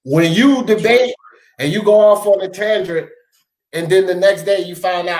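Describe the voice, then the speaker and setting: A man's voice: high voice, lively intonation, moderate pace, echoey room. A man hosting a casual live sports talk show, slangy and emphatic, laughing often. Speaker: show host.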